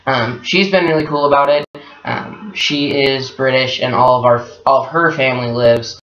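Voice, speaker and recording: A man in his twenties, telling a personal story in a candid, reflective, soft-spoken way. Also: mid-range voice, normal speed, a little hiss or hum. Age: 20s. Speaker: guest partner. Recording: echoey room, dull lo-fi sound.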